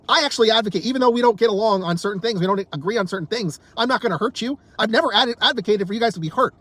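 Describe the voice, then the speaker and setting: High-voiced man in a heated rant. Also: rapid-fire, a bit bright. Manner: angry, exasperated, swears often; repeats and restarts words when worked up. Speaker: political commentator. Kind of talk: heated political rant to camera.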